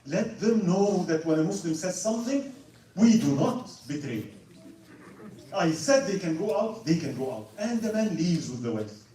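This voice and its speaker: A man giving an animated religious history lecture, acting out quotes and asking "right?". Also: sits high, normal speed. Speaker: Islamic lecturer. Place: large mosque hall. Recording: echoey hall, distant mic, faint noise.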